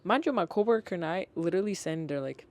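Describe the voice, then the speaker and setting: A young adult host telling stories on a podcast in a loose, exasperated way. Their speech is peppered with "like" and plenty of swearing, at a middling pitch. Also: fast talker, darkish tone. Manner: exasperated, swears freely, lots of "like". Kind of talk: casual storytelling podcast.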